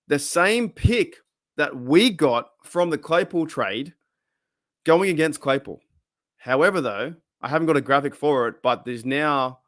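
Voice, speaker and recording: Reading viewers' comments aloud, an Australian host rambles through a casual live stream. His voice sits a little high, and the studio-quality recording carries no room sound.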